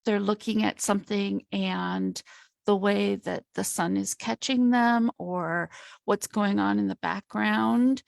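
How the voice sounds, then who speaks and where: Female host-coach, slow reflective delivery with a gravelly edge. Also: mid-range voice, steady tone, dry recording, clean studio sound. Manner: heartfelt, reflective, slow and thoughtful. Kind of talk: casual conversation.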